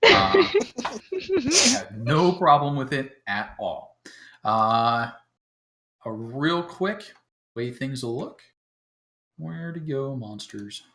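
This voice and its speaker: A man acting as game master, explaining the setup to his players in a relaxed way, with many fillers and chuckles. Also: medium pitch, extremely slow, pauses often. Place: home, talking over voice chat.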